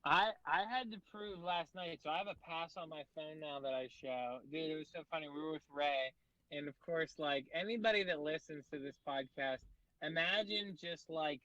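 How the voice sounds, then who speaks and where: Animated man telling stories, lo-fi sound. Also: fairly high pitch, normal speed, dry recording. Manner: animated, rambling, full of fillers and swearing. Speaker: guest comedian. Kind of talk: casual storytelling chat.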